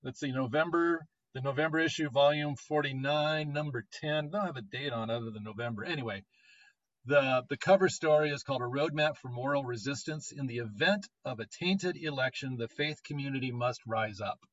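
A man co-hosting a podcast, talking in a casual, animated way and quick to joke. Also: mid-range voice, no room sound. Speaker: podcast co-host. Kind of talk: casual conversation. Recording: dull lo-fi audio.

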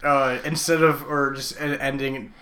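A man's voice: mid-range voice, level tone, measured pace, sharp tone. A man co-hosting a casual movie podcast, laughing easily and telling loose stories.

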